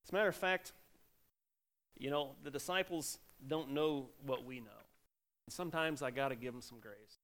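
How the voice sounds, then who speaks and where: A middle-aged man, a pastor, giving a sermon in an animated preaching manner with sudden loud exclamations. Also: mid-range voice, moderate pace.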